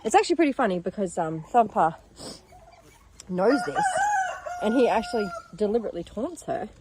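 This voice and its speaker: A woman's voice: mid-range voice, big pitch swings, fairly quick, heavy background noise. A woman giving a casual vlog tour of a farm sanctuary, chatting to the camera and cooing baby talk at the animals as she films on her phone outdoors. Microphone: handheld phone while filming. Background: chickens, roosters and turkeys.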